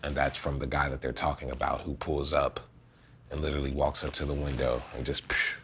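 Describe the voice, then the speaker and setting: A man's voice: very deep voice, level tone, a little fast, a bit bright, slight background noise. A man in his twenties talking casually and playfully about making a stop-motion film, joking bluntly as he explains. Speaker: host, filmmaker. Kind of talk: casual behind-the-scenes chat. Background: music.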